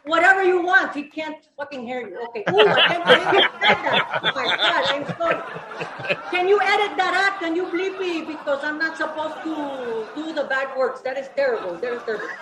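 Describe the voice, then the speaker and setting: A woman's voice: high-pitched, a little fast, echoey room, heavy background noise, close to an everyday voice. A woman playing a brassy, flirty Mrs. Claus with a voice, laughing through her lines at a live comedy roast. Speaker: roast guest.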